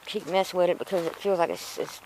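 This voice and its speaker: A woman's voice: lowish voice, fairly even intonation, quick pace, a little mellow, a little hiss or hum, poor audio. A woman rambling casually to her vlog camera, frustrated and in pain from a sore tooth. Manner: rambling, frustrated, self-talking. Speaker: vlogger. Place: outdoors in a yard.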